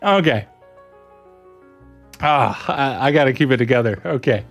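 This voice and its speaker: A man's voice: mid-range voice, measured pace, faint music behind. A young adult man streaming, chatting casually with viewers, giggling a lot. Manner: giggly, laughs a lot, animated. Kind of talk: casual chat reading viewer messages.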